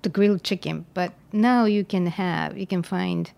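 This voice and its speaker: A woman's voice: on the low side, moderate pace, vocal fry, darkish tone. A woman hosting a podcast interview, chatty and adding her own notes to the conversation. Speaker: podcast host. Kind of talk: casual interview chat.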